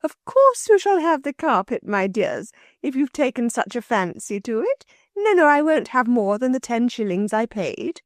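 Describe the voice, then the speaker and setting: A woman playing a shrill scolding matron, high swooping voice, dry close sound, storybook. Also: very animated, moderate pace, no echo. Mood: gushing kind. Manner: shrill scolding, then gushing. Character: sour woman turned sweetly jolly.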